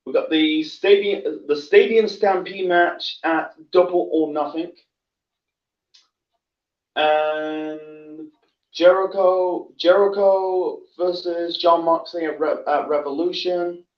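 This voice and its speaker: A man hosting a casual awards rundown. He rambles, corrects himself often and fills gaps with "you know" and "um". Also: a little high. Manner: rambling, self-correcting, many fillers. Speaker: host. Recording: roomy, distant, dull lo-fi sound.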